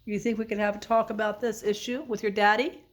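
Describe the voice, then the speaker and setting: A woman speaks straight to her dog in a playful, mock-stern voice. She scolds and questions him as if he could answer. Her pitch sits in an ordinary middle range. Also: flat delivery, fast. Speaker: dog owner vlogger.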